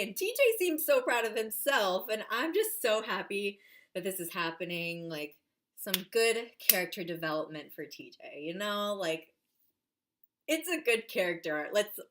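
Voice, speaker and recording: A woman in a casual reaction vlog, gushing and excitable about an episode, full of "like" fillers. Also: medium pitch. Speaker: vlogger reviewing a TV episode.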